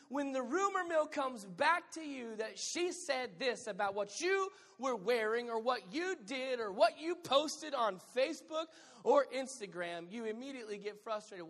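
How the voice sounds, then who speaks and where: A woman's voice: on the high side, animated, moderate pace, fairly bright tone, long reverb tail. A woman pastor preaching a sermon, emphatic and conversational with playful asides to the congregation.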